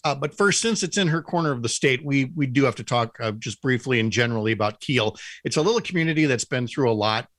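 A man co-hosting a podcast, setting up a question in a measured way with small hesitations. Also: medium pitch, animated, a bit bright, no echo. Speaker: podcast co-host. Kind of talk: interview questions.

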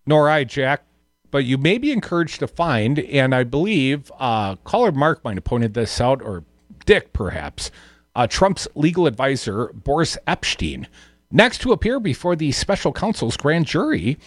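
A man's voice: medium pitch, sing-song, measured pace, no echo. Sardonic male talk radio host. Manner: sardonic, reads news aloud with asides. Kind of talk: political talk radio commentary. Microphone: studio microphone.

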